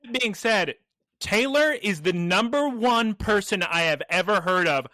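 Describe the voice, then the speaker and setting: A man co-hosting a podcast, chatting casually and telling stories in a playful, animated way. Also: high voice, unhurried, dry recording, studio quality. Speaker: podcast co-host. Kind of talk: casual chat.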